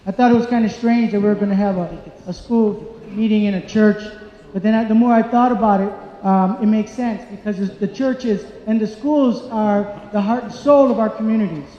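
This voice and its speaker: A man's voice: high voice, steady tone, normal speed. Angry community speaker, man, heated and repetitive; echoey church hall, muffled. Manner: angry, emphatic, repeats points. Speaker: community member speaking at public meeting. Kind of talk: impassioned public comment. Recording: echoey hall, dull sound.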